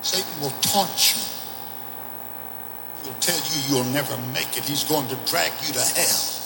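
A man preaching a revival sermon, impassioned, swinging from shouted declarations to hushed, intimate passages. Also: fairly high pitch, a little slow, vocal fry, roomy sound, noisy background. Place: large church or auditorium.

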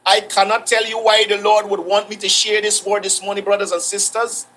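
A man's voice: sits high, little pitch movement, brisk, pushed and bright, low-quality recording. A man preaching a sermon, repeating phrases for emphasis and quoting scripture.

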